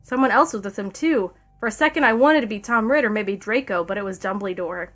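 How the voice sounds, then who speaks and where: A woman's voice: medium pitch, a little fast, a bit bright. A woman streamer reading a fanfic aloud, breaking into laughter and wry asides between lines.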